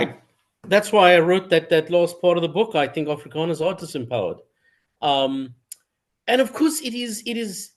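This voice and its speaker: A man from Africa, a professor interviewed as a guest, who speaks in an emphatic and opinionated way. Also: high-pitched. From South Africa. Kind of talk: sit-down interview.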